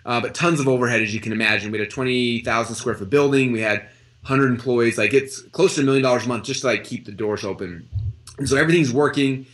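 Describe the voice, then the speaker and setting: A man speaking quickly as an interview guest, his voice sitting at a medium pitch. He tells his story casually and animatedly, acting out the quoted lines of other people as he goes, with lots of "like" and "I'm like" fillers. The delivery is rapid and conversational. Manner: animated, acts out quoted dialogue in his stories.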